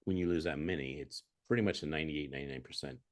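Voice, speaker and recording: Male interview guest, extremely low voice, calm and earnest, anecdotal. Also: racing. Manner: earnest, anecdotal, self-assured. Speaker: guest entrepreneur. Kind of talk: conversational interview.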